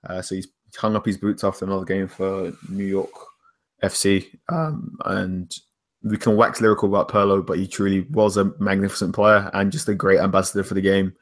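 Low-voiced man chatting football. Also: little pitch movement, a little fast. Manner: opinionated, names hero and villain of the week. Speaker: podcast co-host. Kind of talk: casual football podcast chat.

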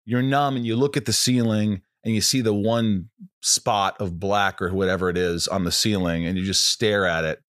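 Animated male actor telling stories. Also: lowish voice, moderate pace, dry recording, clean studio sound. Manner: animated storyteller, acts out quoted speech. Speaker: actor host. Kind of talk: candid interview conversation.

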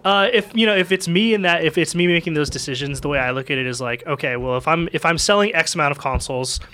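Bright-voiced man thinking out loud. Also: a little high, fast talker. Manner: reasoning aloud, many "like" fillers. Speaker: podcast co-host. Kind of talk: casual panel chat.

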